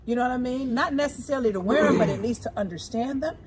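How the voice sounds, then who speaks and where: A woman in her forties, talking casually and warmly about her husband, emphatic and repeating her points. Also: high voice, animated, fast talker, slight background noise. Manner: emphatic and repetitive, often repeating phrases. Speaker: co-host, singer. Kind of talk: casual heartfelt talk.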